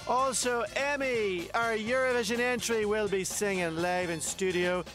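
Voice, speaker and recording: A man's voice: sits high, unhurried, a bit bright. A male TV host doing a flustered, tearful promo and apologising between lines. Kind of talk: promo to camera. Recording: music under voice.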